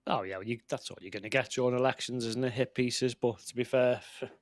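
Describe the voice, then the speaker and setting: A man's voice: mid-range voice, fairly even intonation, fast, no echo. Grumbling, sweary man, dry close mic. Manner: grumbling, blunt, sweary, often drops to a mutter. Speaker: podcast co-host. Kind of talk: casual political chat.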